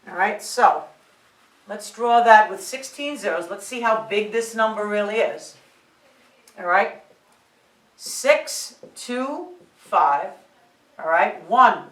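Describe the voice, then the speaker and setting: A woman teaching high school physics who often checks in with "all right" and "okay" and counts digits aloud. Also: expressive, unhurried, a bit bright. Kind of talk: classroom lecture at a board. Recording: roomy sound, mic set at a distance.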